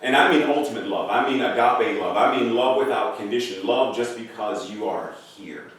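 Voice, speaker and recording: A male guest minister preaching a sermon, swinging between loud emphatic declarations and hushed lines. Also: medium pitch, normal speed, recorded from a distance. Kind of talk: sermon with storytelling. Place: church sanctuary. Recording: very echoey hall, voice from afar, faint noise.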